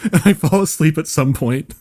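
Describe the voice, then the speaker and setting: A man's voice: fairly high pitch, moderate pace, darkish tone. A man telling a long story on a casual comedy podcast, rambling and restarting sentences, swearing and laughing as he goes. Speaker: podcast co-host.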